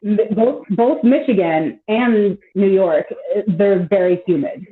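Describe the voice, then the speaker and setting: A woman in her thirties, medium-pitched and slow, chats casually on a live stream, rambling, swearing freely and saying "like" a lot. The audio is tinny, like a phone call.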